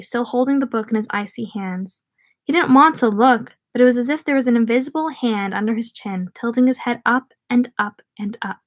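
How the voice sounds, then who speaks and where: A woman's voice: on the high side, dry recording. Chatty young woman reading aloud. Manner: chatty, scattered asides to viewers. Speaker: read-aloud streamer. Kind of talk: live-streamed book reading with chat asides.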